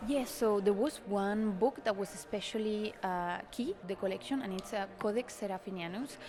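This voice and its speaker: A woman with a mid-range voice, explaining her collection in a thoughtful, searching way. She speaks in a busy showroom with clear crowd chatter behind her. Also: medium pitch, moderate pace. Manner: thoughtful, explanatory, with frequent fillers. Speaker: fashion designer. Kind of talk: interview. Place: busy showroom at a cultural institute.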